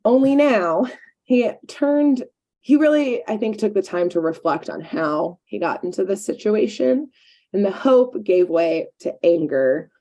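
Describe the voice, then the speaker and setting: A woman's voice: medium pitch, expressive, unhurried, dark tone. A woman co-hosting a podcast, casually recapping a cartoon episode with lots of filler words. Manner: chatty, frequent "like" and "um" fillers. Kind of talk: casual chat.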